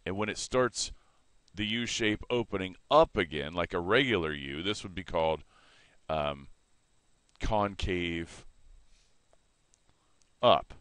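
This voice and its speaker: A man teaching a math lesson in a relaxed way, correcting himself and explaining as he sketches on a board. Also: low voice, slow, long pauses, smooth, dry recording.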